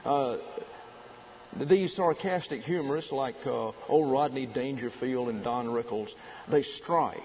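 A man preaching a sermon, working through numbered points in a deliberate, emphatic way. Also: mid-range voice, highs cut off, slight background noise. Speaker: pastor.

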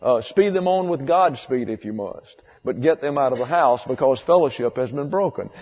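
A man's voice: medium pitch, expressive, normal speed, husky. Man preaching in a reverberant hall. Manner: conversational, repeats key phrases for emphasis. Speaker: pastor. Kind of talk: sermon. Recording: dull lo-fi sound with long hall reverb.

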